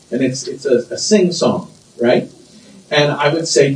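A man's voice: medium pitch, lively intonation, normal speed, darkish tone, slight background noise. A man preaching a sermon as pastor, emphatic, repeating phrases and drawing responses from the congregation. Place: church sanctuary. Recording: roomy church echo, distant mic.

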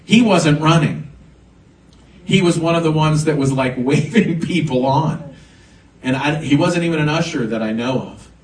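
A man's voice: on the high side, moderate pace. Echoey preaching pastor, a man. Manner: emphatic preaching, rising and swelling on key words. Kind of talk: sermon. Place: church sanctuary. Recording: echoey church room, mic at a distance.

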